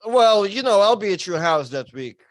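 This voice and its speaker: A man guest in a casual chat, running through a tournament bracket quickly and with easy laughs. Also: high voice, very animated. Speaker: podcast guest, arm wrestler.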